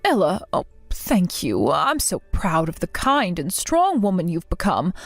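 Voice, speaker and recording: A woman voicing a gentle middle-aged mother who talks in a soothing, reassuring way. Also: fairly low pitch, wildly swooping pitch, unhurried, no room sound, faint music behind, pitched below the performer's own voice, full character voice. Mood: tender.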